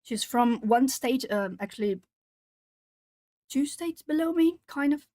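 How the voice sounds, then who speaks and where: A woman's voice: sits high, lively intonation, a little slow, a little mellow, no room sound. Chatty Brazilian woman with a dry sound. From southern Brazil. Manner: chatty, thinking aloud, answers viewer chat. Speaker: art streamer. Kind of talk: casual chat while coloring.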